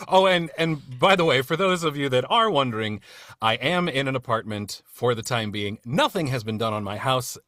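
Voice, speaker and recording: A man's voice: medium pitch, expressive, normal speed, a bit bright, dry recording, clean studio sound. A man chatting eagerly on a podcast, rambling and apologizing. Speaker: podcast cast member. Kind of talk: casual podcast chat.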